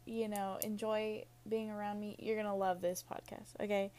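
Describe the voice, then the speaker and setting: A woman's voice: medium pitch, steady tone, measured pace, warm tone. Young woman, chatty podcast host, Valley-girl delivery, filler-heavy, laughs at herself, mid-range voice. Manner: Valley-girl-like, says "like" and "literally" constantly; laughs at her own jokes. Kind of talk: casual rambling podcast monologue.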